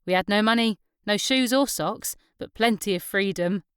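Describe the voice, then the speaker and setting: A woman's voice: medium pitch, normal speed, clear, resonant tone, dry recording, clean studio sound, lightly acted. A woman voicing a small, cheerful young wife who is chatty and teasing, with a Northumbrian accent.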